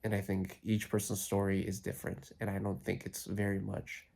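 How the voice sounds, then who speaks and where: Recorded on a phone, a young man vlogs while lying on his side and later standing, musing in a meandering, filler-heavy way. His voice is fairly low, completely flat, gravelly and a little mellow at a moderate pace, sounding congested and throaty.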